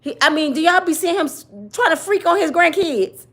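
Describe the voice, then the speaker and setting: A woman's voice: extremely high pitch, a little fast, a bit bright. A woman doing casual comedic commentary, joking and cussing as she talks to her viewers. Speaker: YouTube commentator.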